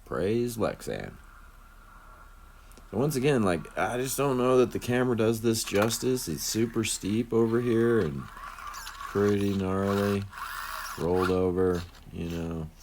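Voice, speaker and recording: A man's voice: lowish voice, a little slow, a little mellow, a little hiss or hum. A man giving casual voice-over commentary as a channel host, rambling and laid-back with lots of fillers.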